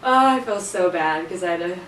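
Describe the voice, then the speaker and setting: A woman's voice: on the low side, expressive, moderate pace, a bit bright. A teenage girl telling a storytime in a chatty, casual way, full of fillers and self-conscious laughs. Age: teens. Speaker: vlogger. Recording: roomy, a bit distant, faint noise.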